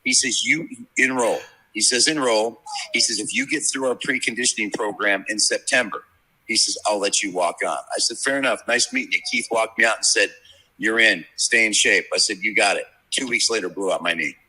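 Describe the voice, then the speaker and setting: A man's voice: lowish voice, a little fast, bright, forceful tone, slightly rough, low-quality recording. A man in his fifties, a sports handicapper, telling brash, profane, rambling stories in casual podcast chat. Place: media row at a sports event.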